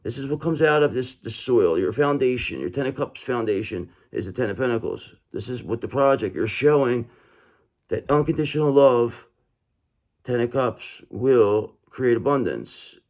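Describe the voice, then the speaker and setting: A man's voice: medium pitch, normal speed, darkish tone. A man giving a tarot reading straight to his viewers, talking emphatically, repeating himself for effect and checking in with "okay?" and "brother". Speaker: tarot reader.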